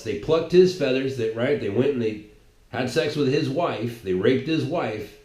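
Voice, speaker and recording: A man's voice: medium pitch, lively intonation, measured pace, dark tone, reverberant. A man giving a heated political monologue, rambling and restarting his sentences as he goes. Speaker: political commentator. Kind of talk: ranting monologue.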